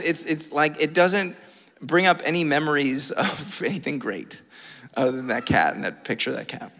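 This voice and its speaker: A man preaching a sermon from a church, telling a funny personal story with lively, self-mocking energy. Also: fairly high pitch, vocal fry. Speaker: pastor. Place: church sanctuary. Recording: long reverb of a church hall.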